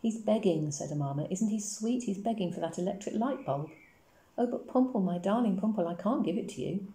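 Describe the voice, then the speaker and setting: A woman's voice: medium pitch, expressive, a little fast, warm tone, echoey room, close to an everyday voice. A woman reading aloud and voicing an effusive elderly grandmother who dotes on her dog. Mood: doting. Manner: effusive and dramatic, cooing endearments.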